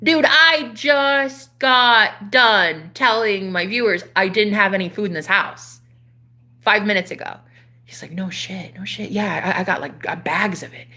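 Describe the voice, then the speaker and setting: A woman in her thirties, a spiritual coach, telling a personal story to her viewers in an animated, casual way, swearing freely. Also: medium pitch, a little slow. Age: 30s.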